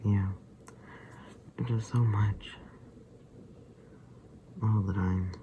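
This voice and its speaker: A man rambling casually to camera in a vlog, often dropping into a soft whisper. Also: on the low side, steady tone, drawn-out words, noisy background. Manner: loose and rambling, full of fillers and asides. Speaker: vlogger.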